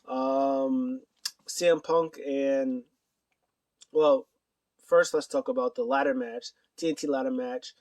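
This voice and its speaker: A man's voice: mid-range voice, slow pace, gravelly, darkish tone, dry recording, distant mic. A man casually recapping wrestling news to his camera, rambling with many fillers and acting out quotes. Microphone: camera mic.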